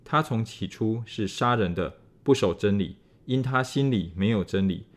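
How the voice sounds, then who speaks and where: Lower-voiced man reading scripture. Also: moderate pace. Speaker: scripture reader.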